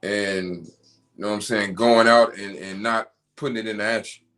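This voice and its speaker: A man in a casual chat, talking in reflective, slangy, halting sentences. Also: lowish voice, steady tone, fairly bright tone.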